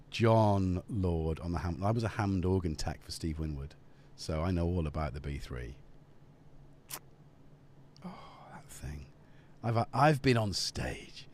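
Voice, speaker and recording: A man's voice: low voice, a little mellow. A man hosting a casual live stream, joking and rambling off topic at a studio mic. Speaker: livestream host. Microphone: studio dynamic mic.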